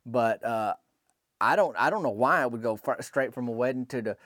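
A man's voice: mid-range voice, moderate pace, a bit bright, dry recording, clean studio sound. A man telling a folksy comic story in a rambling, colloquial way, full of asides. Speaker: podcast storyteller.

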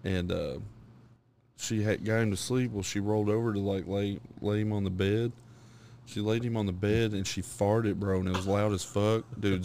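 A man co-hosting a podcast, telling crude stories in casual chat, swearing freely and laughing through his own punchlines. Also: fairly low pitch. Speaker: podcast co-host.

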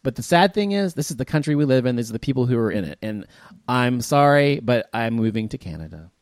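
A man co-hosting a casual talk show, venting in a heated, swear-filled rant. His voice sits at an ordinary pitch and sounds dry and close, with no room around it. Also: animated, fast, no echo. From Texas, US. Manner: heated, swears a lot, rants. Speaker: podcast co-host. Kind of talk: casual chat.

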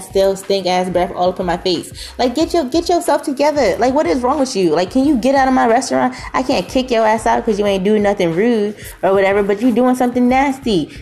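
A woman's voice: on the high side, a little mellow. A woman hosting a podcast, delivering an emphatic, exasperated, profane comedic rant full of repeated rhetorical questions. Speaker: podcast host.

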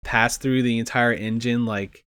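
A young man chatting casually through a movie recap, his voice sitting at an ordinary middle pitch. He tells it with a loose, laughing energy, slipping into quick impressions of the characters. The sound is dry and close, with no room around it. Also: clear, resonant tone, dry recording. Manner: laughing, animated retelling with acted quotes.

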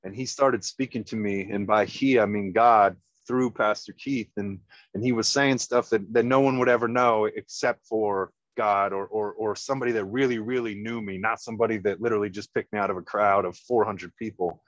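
A man's voice: on the low side, steady tone, dry recording, highs cut off. A man telling a personal story in a casual, profane way, stumbling over his words and becoming tearful. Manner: casual, profane, halting with repeated restarts. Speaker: guest.

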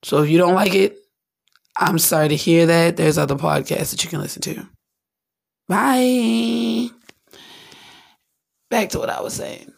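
Brief: rambling podcast host, woman, gravelly and breathy, candid, acts out bits. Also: lowish voice, a little slow, long pauses. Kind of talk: casual spiritual monologue.

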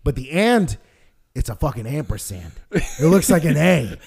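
A young man co-hosting a podcast, telling a story with excitement, laughing and swearing, and acting out the people in it. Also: fairly high pitch, normal speed, gravelly, slightly rough. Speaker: podcast co-host. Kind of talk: animated storytelling chat.

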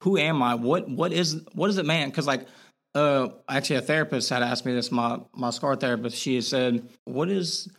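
A man's voice: medium pitch, a little fast, a bit bright. A young man speaking frankly as a podcast guest, in a casual conversational way with lots of fillers. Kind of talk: candid conversational interview.

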